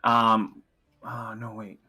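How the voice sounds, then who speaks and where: A man's voice: fairly low pitch, monotone, takes it slowly, sharp tone, breathy edge. A man running a casual tabletop game as game master, explaining rules in rambling, self-correcting bursts.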